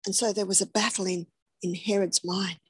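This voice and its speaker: A woman's voice: medium pitch, steady tone, moderate pace, husky, no room sound. A woman preaching a sermon, telling the story dramatically, dropping to whispers and then rising with emphasis. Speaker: health speaker preaching.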